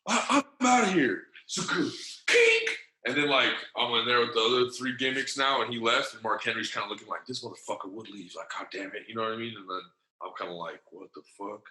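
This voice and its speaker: Male guest, low-ish voice, loose profane storyteller, roomy echo. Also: steady tone, fast talker, pushed and bright. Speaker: podcast guest, former wrestler. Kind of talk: casual storytelling. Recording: echoey room.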